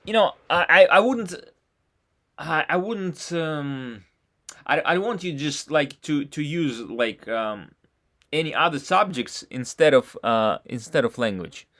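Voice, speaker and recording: A man tutoring a student in he did not learn first, talking haltingly with many false starts and frequent questions. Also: on the high side, animated, pushed and bright. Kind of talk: casual one-on-one lesson talk.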